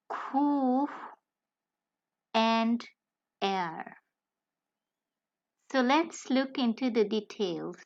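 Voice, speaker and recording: A woman narrates a beginner language lesson at a very slow, measured pace, spelling out letters with care. Her voice sits a little high. The recording is dull and lo-fi. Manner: careful, deliberate, spells out letters one by one. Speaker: language tutor. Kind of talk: slow scripted tutorial narration.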